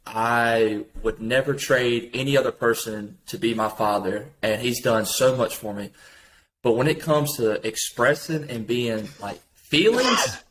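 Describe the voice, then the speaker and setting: A man's voice: mid-range voice, measured pace, a bit bright. Young man chatting over faint noise. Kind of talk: casual chat.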